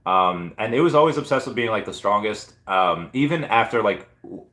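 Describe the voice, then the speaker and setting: A hoarse man chatting casually on a live stream, rambling through stories with lots of fillers. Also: on the low side, animated, moderate pace, fairly bright tone, roomy sound. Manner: rambling, filler-heavy storytelling. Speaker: comic and collectibles YouTuber.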